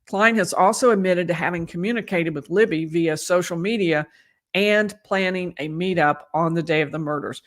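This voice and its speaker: Woman lawyer, hoarse, streaming commentary. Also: fairly low pitch. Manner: conversational, restarts and emphatic asides. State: losing her voice. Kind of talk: livestream case commentary.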